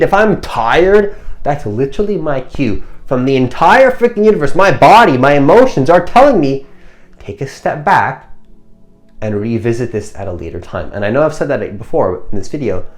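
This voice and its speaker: A man speaks in a mid-pitched voice, coaching viewers through a self-help monologue. He is earnest and loose, circling back, restarting sentences and repeating his points as he goes. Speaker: manifestation coach.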